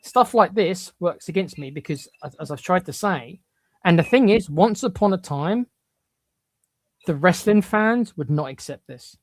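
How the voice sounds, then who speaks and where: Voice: mid-range voice, animated, a little slow, no room sound. A podcast co-host giving blunt, emphatic opinions, often stumbling into repeated restarts.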